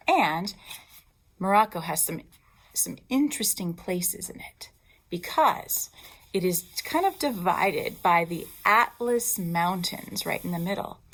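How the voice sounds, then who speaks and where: A woman librarian leading a storytime for young children, talking in an expressive, teacherly way. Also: mid-range voice.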